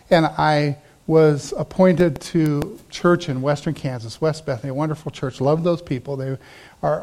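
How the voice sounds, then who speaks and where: Middle-aged guy preaching, fairly high voice, tells stories and acts out quotes. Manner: storytelling, animated voices for quoted people. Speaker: pastor. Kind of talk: sermon.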